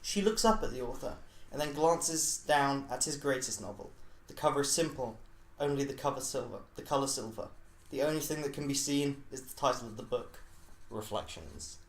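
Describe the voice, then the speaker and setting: A man co-hosting a podcast who reads his own story in a measured storybook way. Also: mid-range voice. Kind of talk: scripted narration read aloud. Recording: echoey room mic.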